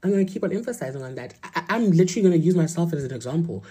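Young woman, motivational speaker, dark husky low voice, lively swoops in pitch, blunt and emphatic. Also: racing. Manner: blunt, emphatic, repeats lines for effect, swears. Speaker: motivational vlogger. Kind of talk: motivational talk.

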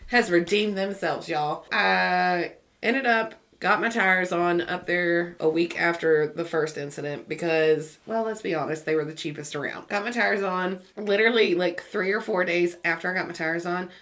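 A woman from West Virginia, co-hosting a podcast and telling a story in animated casual chat, acting out the voices of the people involved. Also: lowish voice, normal speed. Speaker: podcast co-host.

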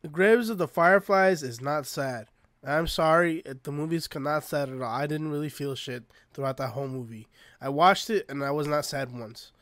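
A man's voice: fairly high pitch, moderate pace, a bit bright, no echo. A man co-hosting a casual podcast chat, bluntly giving provocative opinions with plenty of swearing. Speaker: podcast co-host.

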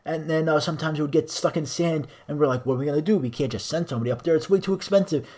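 A man's voice: a little high, very fast, darkish tone, natural voice. A man putting on a dull, earnest rover driver who rambles on fretfully in a mock-serious tone.

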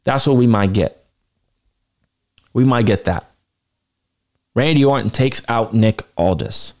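A man's voice: mid-range voice, lively intonation, slow pace, pauses often, darkish tone. Profane, self-assured male podcast host. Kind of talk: casual solo commentary.

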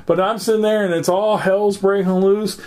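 A man chatting casually, telling a story and acting out the people in it with big jumps in his voice. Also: moderate pace. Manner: animated, acts out quoted voices with big pitch jumps. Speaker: storyteller guest. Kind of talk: casual chat.

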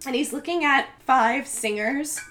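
Woman, casual storyteller, bright tone, chatty and animated, acts out quotes. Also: sits high, unhurried. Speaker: podcast co-host recapping a film. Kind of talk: casual chat.

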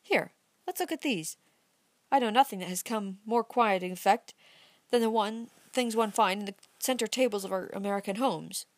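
A woman's voice: medium pitch, moderate pace, no echo, natural voice. A woman reading aloud, voicing a flustered, earnest young man who stammers. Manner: hesitant, stammering.

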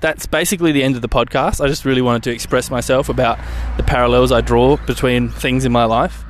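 A man's voice: mid-range voice, steady tone, fairly quick, a little hiss or hum. A young man hosting his own podcast, chatting casually in a rambling way and swearing now and then. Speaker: podcast host. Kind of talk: casual solo podcast chat.

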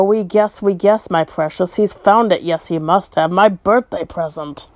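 A woman's voice: mid-range voice, a little mellow, dry recording, lightly acted. A woman voicing Gollum, a wretched, obsessive old male cave creature who hisses, whines and mangles his grammar as he talks to himself. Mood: agitated. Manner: whiny, broken grammar, repeats words.

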